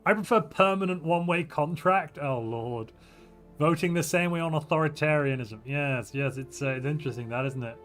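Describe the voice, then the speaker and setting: A man's voice: on the high side, moderate pace, a bit bright. Chatty male game streamer. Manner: chatty, reads viewer chat aloud and reacts; playful, muses aloud while weighing options. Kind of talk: casual livestream gameplay commentary. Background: faint background music.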